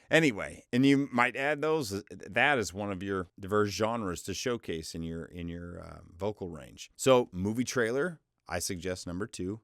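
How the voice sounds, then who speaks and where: 40s guy talking voiceover tips, kinda low voice that cracks, easygoing and self-deprecating, dry close sound. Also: measured pace, a bit bright, dry recording. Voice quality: voice often cracks. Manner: chatty, self-deprecating, loose. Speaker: voiceover coach. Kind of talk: casual instructional talk.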